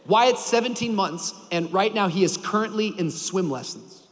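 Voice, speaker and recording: A man in his thirties preaching a sermon to a church crowd, telling a story with lively energy and shouting for emphasis. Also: high voice, normal speed, long reverb tail. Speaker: pastor.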